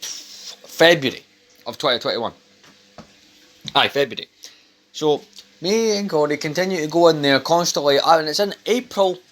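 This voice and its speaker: A man's voice: fairly high pitch, lively intonation, normal speed, long pauses, fairly bright tone. A young man vlogging at home over dinner, talking casually in a rambling, blunt and sweary way. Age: young adult. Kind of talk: casual chat to camera.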